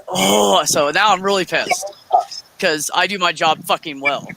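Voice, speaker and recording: A woman's voice: lowish voice, normal speed, creaky, noisy background. A woman in her forties casually telling a heated story, swearing often and acting out quoted dialogue. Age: 40s. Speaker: streamer.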